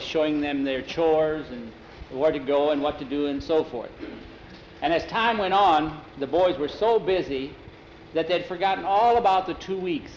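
A man's voice: a little high, reverberant. A man telling a story in a homespun, meandering way. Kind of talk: oral storytelling. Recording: dull lo-fi recording with faint noise.

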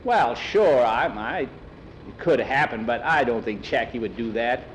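A calm, steady grown man, played by a storyteller, level and a touch low. He speaks slowly and evenly. Faint background hum. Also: close to an everyday voice, poor audio.

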